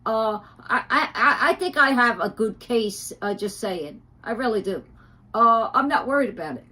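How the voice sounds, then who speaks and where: A woman's voice: fairly high pitch, expressive, normal speed, pushed and bright. A woman ranting on a livestream, profane and indignant, with frequent fillers and restarts.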